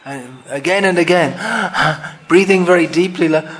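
A man giving a devotional talk on scripture, thoughtful and self-correcting, sometimes acting out the scenes he explains. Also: a little high.

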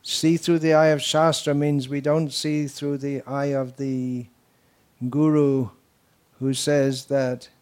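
A man's voice: medium pitch, level tone, slow pace, darkish tone, clear, resonant tone. A man giving a devotional lecture to an audience, talking loosely with anecdotes and mocking asides. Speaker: spiritual teacher.

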